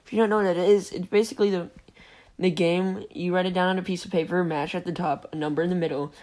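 A man's voice: sits high, fairly even intonation, fast, darkish tone. A young man hosting a podcast, telling a rambling story with frequent giggles and tangents. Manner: giggly, digressive, self-interrupting. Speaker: podcast host.

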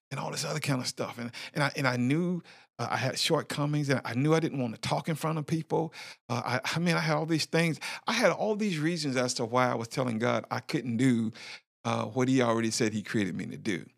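Gravelly-voiced man telling his story. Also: medium pitch, no room sound, clean studio sound. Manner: candid, preacher-like, lots of fillers and repeats, calls listener "man". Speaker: podcast host. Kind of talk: personal testimony, motivational talk.

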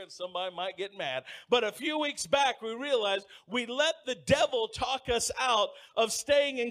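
A man with a notably high voice delivers a lively sermon. He tells homespun stories and draws on his congregation with call-and-response. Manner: folksy storytelling. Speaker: pastor.

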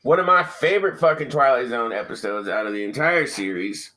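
A man's voice: mid-range voice, animated, brisk, pushed and bright, low-quality recording. Profane joking male podcast host. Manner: profane, joking, mocks old-timey speech. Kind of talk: casual chat.

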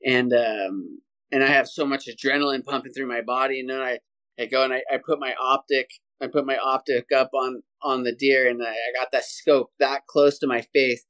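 Animated man telling a story over a video call. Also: medium pitch, normal speed. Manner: animated, energetic storyteller, says "dude" often. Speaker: podcast guest, hunter. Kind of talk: casual storytelling interview.

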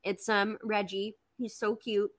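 A woman's voice: mid-range voice, flat delivery, measured pace, no echo, studio quality. A woman co-hosting a podcast in casual chat, giggly and affectionate. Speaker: podcast co-host.

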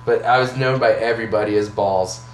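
A man's voice: fairly low pitch, fairly even intonation, a little fast. A young man co-hosting a podcast, telling crude stories in a rambling way with lots of fillers. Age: young adult. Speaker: podcast co-host. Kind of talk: casual storytelling chat. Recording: roomy room with faint hum.

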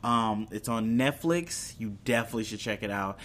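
A man's voice: on the low side, expressive, normal speed, fairly bright tone, slight background noise. A young man hosting a video, chatting casually about upcoming shows, rambling with fillers and restarts. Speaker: video host. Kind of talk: casual entertainment news chat.

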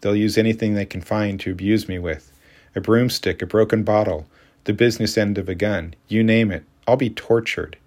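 A man with a deep voice reading the part of a desperate, frightened man in his thirties in an audiobook, pleading in a shaken voice. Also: natural voice.

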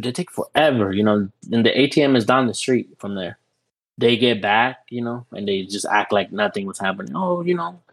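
The audio is poor, but a medium-pitched young man can be heard as a podcast guest, animatedly spinning a casual yarn packed with "dude" and "you know."

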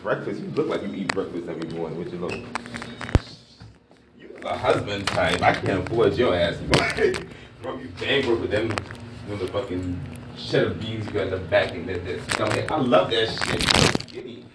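A man's voice: fairly low pitch, normal speed. A man, a comedian from Brooklyn, bantering in a casual, teasing way and laughing often. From Brooklyn, New York. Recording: noisy street recording.

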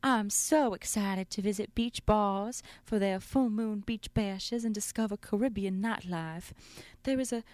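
A woman's voice: mid-range voice, a little slow, few pauses, darkish tone, dry recording, voice pushed up, lightly acted. A woman reading aloud in a put-on aristocratic Southern belle voice. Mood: prim.

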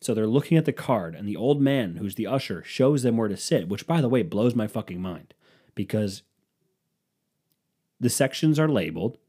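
A man with a lowish voice tells a rambling anecdote in casual chat. He swears freely, drips with sarcasm, and slips into brief animated impressions of the people in his story. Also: breathy edge. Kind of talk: casual storytelling with acted-out quotes.

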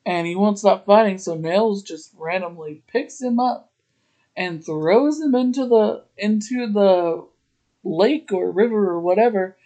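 Slow, meandering podcast host. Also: mid-range voice, warm tone. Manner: meandering, chatty retelling with asides. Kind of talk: casual episode recap.

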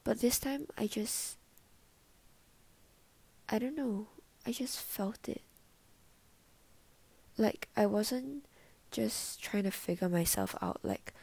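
Soft-spoken young woman, breathy and creaky. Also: mid-range voice, animated, slow, pauses often. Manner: soft, often half-whispered, filler-heavy musing. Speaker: vlogger. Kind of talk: personal reflective monologue.

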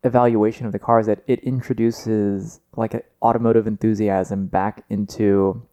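Brief: man, podcast co-host, low voice, relaxed joking chat. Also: normal speed. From Texas. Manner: relaxed, chatty, jokey asides. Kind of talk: casual chat.

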